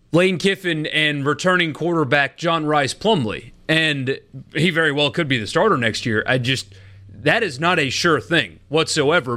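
A man co-hosting sports radio, giving measured, opinionated takes on teams. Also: on the high side, sharp tone. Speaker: radio co-host.

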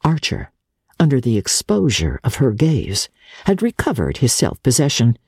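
An audiobook narrator giving a measured, expressive reading of classic literary fiction into a studio microphone. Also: medium pitch, husky, no room sound.

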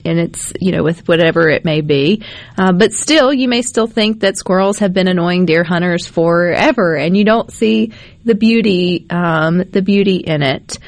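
A woman hosting a radio talk show in a studio, chatty and quick to laugh. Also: on the low side, no echo. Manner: chatty, giggly, laughs often. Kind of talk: casual radio chat. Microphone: studio microphone.

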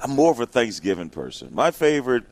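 A man's voice: medium pitch, sing-song, fast talker. A man co-hosting a radio show with laid-back, joking casual chat.

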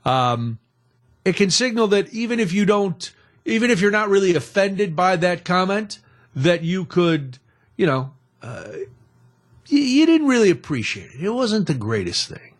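A middle-aged man hosts a talk radio show from a studio mic. His voice sits a little high for a man. He rambles along in a chatty, self-deprecating way. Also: very animated, moderate pace. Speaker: radio host.

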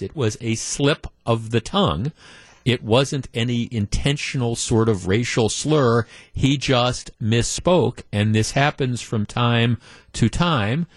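A man's voice: mid-range voice, no room sound. Male radio talk host, conversational and opinionated, close dry studio mic.

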